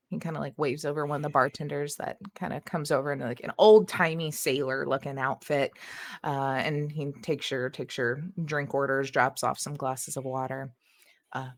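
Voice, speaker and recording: A woman's voice: low-pitched, steady tone, moderate pace. A woman running a tabletop game as game master, describing scenes in a laid-back way.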